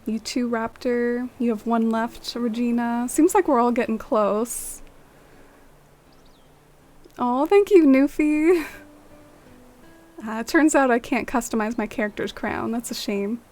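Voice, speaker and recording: Chatty streamer woman, higher voice. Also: slow pace, pauses often, darkish tone, faint music behind. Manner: friendly, chats with viewers and muses aloud. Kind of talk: casual chat with viewers.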